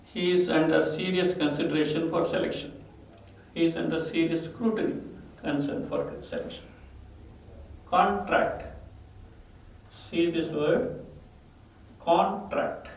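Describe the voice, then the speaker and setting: Male English teacher with an Indian English accent, deliberate pace, recorded away from the mic in a reverberant room with faint noise. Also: a little high, steady tone, gravelly, far from the mic. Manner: slow, repeats each word and its meaning with stress. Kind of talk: classroom vocabulary lesson.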